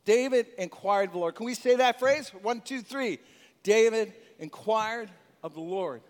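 Male pastor, sermon, animated, chuckling, call-and-response, high voice, long hall reverb. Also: normal speed. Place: church sanctuary.

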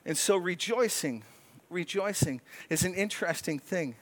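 A man's voice: high voice, expressive, normal speed. A man, a pastor, preaching an earnest, conversational sermon full of stumbling restarts.

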